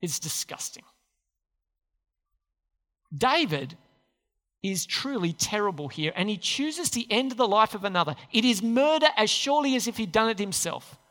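Preacher, sermon, animated and questioning, long reverb from a large church hall. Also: mid-range voice, moderate pace, pauses often. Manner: storytelling with rhetorical questions, acted-out quotes.

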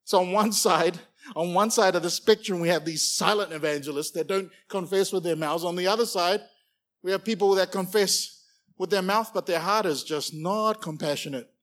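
A man preaching a sermon, animated and playful, acting out little characters as he goes. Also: high voice, moderate pace. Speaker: pastor.

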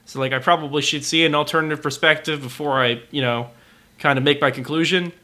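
A man's voice: fairly high pitch, steady tone, fast, sharp tone. A man co-hosting a podcast in casual chat, stumbling over his words with many restarts and fillers. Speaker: podcast co-host.

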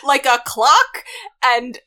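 A woman's voice: sits high, big pitch swings, takes it slowly, sharp tone. A young woman co-hosting a podcast, casually recapping a film and acting out characters' lines as she goes. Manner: chatty, acts out lines in quoted voices. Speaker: podcast co-host.

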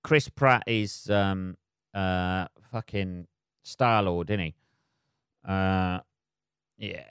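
A man's voice: sits low, fairly even intonation, drawn-out words, pauses often, a bit bright, clean tone, no room sound, clean studio sound. A man hosting a solo comedy podcast, rambling loosely and swearing constantly as he chats.

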